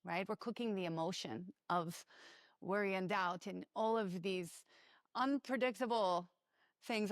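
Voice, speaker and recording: A reflective woman takes her time, speaking slowly and gently affirming each thought. Her voice is mid-pitched. The recording is dry, with no room sound. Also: dry recording. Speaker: podcast co-host. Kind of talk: spiritual wellness chat.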